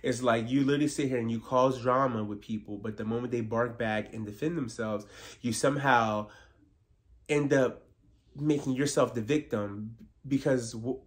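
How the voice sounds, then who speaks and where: A man giving a casual, opinionated recap of a reality TV episode, peppering his talk with "like". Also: medium pitch. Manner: opinionated, filler-heavy with frequent "like". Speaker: TV recap vlogger.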